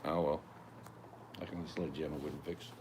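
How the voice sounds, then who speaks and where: A man's voice: a bass voice, level tone, moderate pace, noisy background. An older man with an Australian accent, chatting casually in a laid-back, slang-filled drawl outdoors in his garden. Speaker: vlogger. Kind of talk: casual vlog chat.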